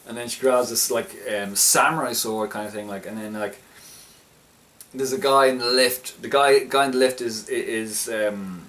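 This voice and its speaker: A young male film reviewer casually recaps a movie he liked, rambling and enthusiastically restarting his sentences. His voice is medium-pitched and fairly bright, with fairly even intonation and a moderate pace. The mic is slightly distant, with faint background noise.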